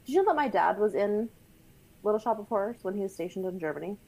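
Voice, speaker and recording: A young woman co-hosting a casual movie podcast, playful and animated, gasping and laughing along. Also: medium pitch, fast, crowd noise, low-quality recording. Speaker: podcast co-host.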